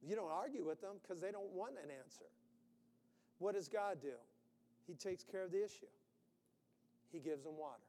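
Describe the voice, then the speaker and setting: A man preaching a sermon, animated, acting out quotes with sudden loud bursts. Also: sits high, normal speed, long pauses, long reverb tail. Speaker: pastor.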